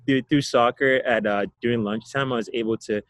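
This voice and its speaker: Young adult male guest from Ghana; reflective, laughs often, repeats words, average pitch, dry recording. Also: fairly even intonation, a little fast, fairly bright tone, dry recording. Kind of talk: casual storytelling interview.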